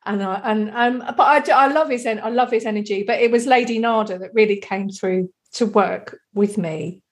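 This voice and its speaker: Woman with a higher pitch, a reflective and meandering talker in a casual chat. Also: moderate pace. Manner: reflective, rambling, frequent "you know".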